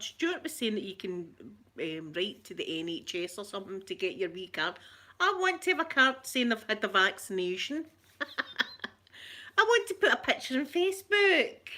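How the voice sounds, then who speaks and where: A middle-aged Glaswegian woman from Scotland hosts an ASMR livestream, her voice a little high, pushed and bright. She chats casually with viewers, repeats her phrases and laughs often.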